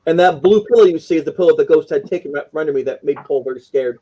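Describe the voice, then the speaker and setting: A man's voice: fairly high pitch, very fast, mellow. A man in his forties, the guest, telling his story in an earnest, rambling way with many restarts, speaking from home over a video call. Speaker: guest, author of a haunting memoir. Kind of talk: casual live-stream interview. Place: home room with keepsakes, indoors.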